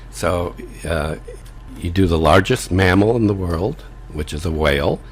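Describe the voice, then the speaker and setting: A man's voice: sits low, a little hiss or hum. An older man, an improv teacher, chatting casually as a guest and rambling with many fillers and restarts. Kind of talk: casual interview chat.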